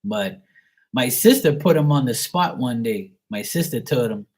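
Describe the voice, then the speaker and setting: A man hosting a live tarot reading who talks in a loose, casual chat and vents bluntly. He swears freely and circles back to the same complaints. His pitch sits in an ordinary middle range. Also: expressive, unhurried, darkish tone. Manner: blunt, profane, venting. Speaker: online tarot reader and host.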